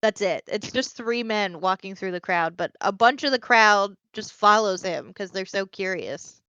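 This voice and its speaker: A woman's voice: mid-range voice, lively intonation, normal speed, bright, forceful tone, clear, resonant tone, no echo, dull audio. A woman co-hosting a podcast, casually recapping a plot in a rambling way with lots of fillers. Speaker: podcast co-host. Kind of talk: casual chat.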